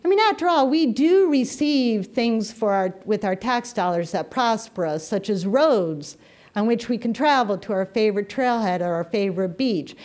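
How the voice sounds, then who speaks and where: A woman minister giving a sermon, telling stories with gentle humor. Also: medium pitch, expressive, moderate pace.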